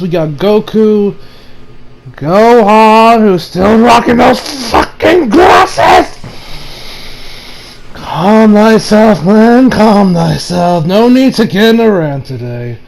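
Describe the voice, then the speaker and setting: Rambling high-voiced man. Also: poor audio. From United States. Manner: rambling, profane, many fillers and restarts. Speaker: anime reviewer. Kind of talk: casual episode review.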